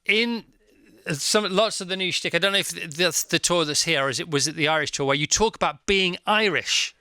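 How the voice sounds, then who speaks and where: A man hosting a radio chat show, chatty and quick to laugh while interviewing a guest. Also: fairly high pitch, bright, forceful tone, dry recording. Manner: chatty, laughs easily, uses many fillers. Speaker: radio host. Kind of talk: casual chat.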